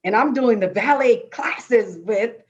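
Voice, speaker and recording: A woman from Jamaica on a dance panel, telling her story in a lively, casual way and often checking in with "right?". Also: fairly high pitch, takes it slowly, muffled recording. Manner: lively, animated storytelling with many rhetorical "right?"s.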